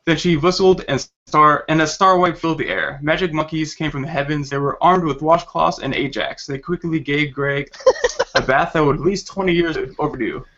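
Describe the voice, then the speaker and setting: A man with a forceful, bright voice reads a crude comic tale aloud, often breaking into laughter and tripping over his words. The recording is slightly dull and lo-fi. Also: a little high, steady tone, normal speed. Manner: laughs while reading crude lines, stumbles over words. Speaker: podcast host reading a story. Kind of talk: comedic story reading.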